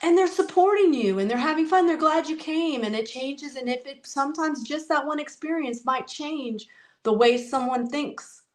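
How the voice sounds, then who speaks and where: A woman talks in a relaxed, chatty way with a fairly high voice. She jumps between thoughts, restarting and adding asides as she goes. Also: normal speed. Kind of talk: casual chat.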